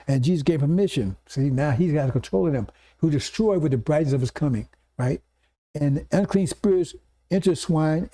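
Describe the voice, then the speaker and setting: A man preaching a scripture lesson to a congregation, explaining point by point and often checking in with quick "see?" and "right?" asides. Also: medium pitch, mellow. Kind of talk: sermon lecture to congregation.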